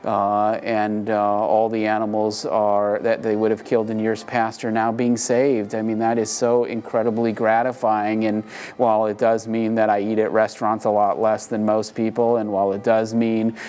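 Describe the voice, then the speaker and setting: A man speaks earnestly in an interview and keeps his pitch low and level, with little rise and fall. He stops and restarts often and fills the gaps with "uh" and "you know". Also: monotone, moderate pace, darkish tone, clear, resonant tone. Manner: earnest, many fillers and restarts. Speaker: animal shelter reform advocate, interviewee. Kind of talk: interview answers.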